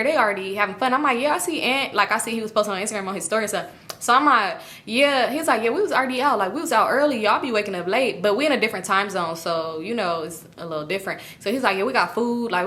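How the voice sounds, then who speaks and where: A woman's voice: mid-range voice, pushed and bright. A young woman vlogger telling a casual storytime, animatedly acting out her friends' lines.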